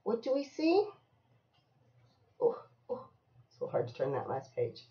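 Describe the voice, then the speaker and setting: A woman reading a picture book aloud to a young child, slow and sing-song, with coaxing questions. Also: fairly high pitch, huge pitch swings, mellow, roomy sound. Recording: dull lo-fi home recording.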